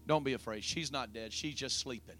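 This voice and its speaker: A man preacher voicing Jesus as a calm, gentle, authoritative man, speaking softly and steadily. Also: medium pitch, a little fast, faint music behind, close to an everyday voice.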